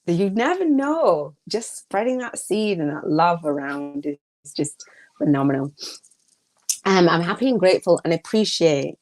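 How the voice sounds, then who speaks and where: Woman, low voice, middle-aged, chatty host, laughs often. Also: animated, normal speed. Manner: warm, chatty, laughs often, many fillers and restarts. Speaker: podcast host. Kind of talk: live-streamed gratitude talk.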